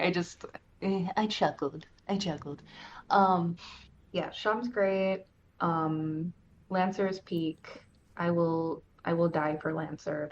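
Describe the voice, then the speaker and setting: A tired woman chatting casually as a podcast guest, rambling excitably and swearing freely. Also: deep voice, slight background noise. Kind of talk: casual chat. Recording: dull lo-fi mic.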